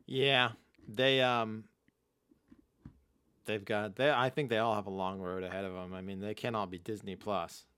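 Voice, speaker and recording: A man's voice: lowish voice, little pitch movement, moderate pace, pauses often, fairly bright tone, smooth. A man co-hosting a casual podcast chat, jokey and rambling, often laughing. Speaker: podcast co-host.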